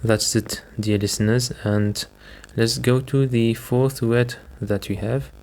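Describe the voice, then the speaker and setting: A man's voice: medium pitch, fairly even intonation, slow, a little mellow. A man teaching English vocabulary, patiently repeating each word and explaining it with simple examples. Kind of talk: slow, careful teaching.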